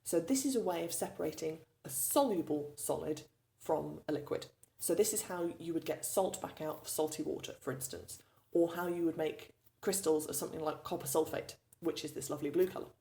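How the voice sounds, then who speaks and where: Low, gravelly-voiced woman teaching chemistry. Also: a little fast, mellow. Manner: patient step-by-step explaining. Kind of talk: recorded revision lesson.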